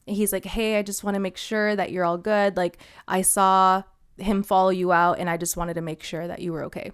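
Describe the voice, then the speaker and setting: A young woman co-hosting a podcast, telling a story in casual chat, animated and laughing often. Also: mid-range voice, fairly quick, smooth. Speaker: podcast co-host.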